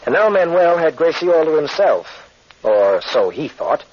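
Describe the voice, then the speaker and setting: Husky, firm adventure captain, old radio drama. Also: male voice, fairly high pitch, sing-song, moderate pace. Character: steady heroic adventurer captain. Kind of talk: 1940s radio acting. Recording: dull old radio recording.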